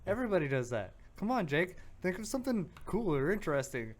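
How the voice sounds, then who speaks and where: A man's voice: high-pitched, big pitch swings, fast talker. A man co-hosting a casual podcast, rambling through stories with many fillers and restarts. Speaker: podcast co-host. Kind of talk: casual chat.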